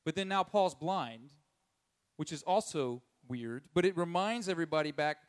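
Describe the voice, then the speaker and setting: A male preacher talking through scripture in a loose, conversational way, chuckling as he goes. His voice sits a little high for a man. He slips into quick voices for the people in the story. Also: animated, clear, resonant tone. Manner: chuckles often while telling the story; acts out characters' lines in quick voices. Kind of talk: conversational sermon.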